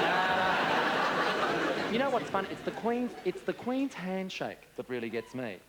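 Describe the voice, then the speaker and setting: A man's voice: sits high, sing-song, slow. An Australian man performing a camp stand-up comedy monologue in a big TV studio, chatty and swooping between put-on voices. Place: large TV studio with a laughing audience. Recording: loud studio audience laughter and noise.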